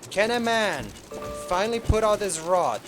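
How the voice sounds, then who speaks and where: Playful gaming streamer chatting with viewers. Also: male voice, sits high, animated, normal speed, music in the background. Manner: playful and joking, laughs often, talks to chat. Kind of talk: casual live-stream chat while gaming.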